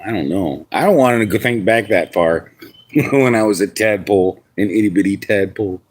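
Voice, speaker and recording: A man's voice: fairly low pitch, moderate pace. A man from New York, rambling through a casual live stream, swearing, restarting sentences and chatting with viewers. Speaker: livestreamer.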